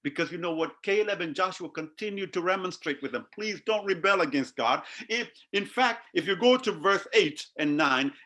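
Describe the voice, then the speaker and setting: Animated male preacher, higher voice. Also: moderate pace, hardly any pauses. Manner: animated preaching, repeats words, calls out to the congregation. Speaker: pastor. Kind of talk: sermon.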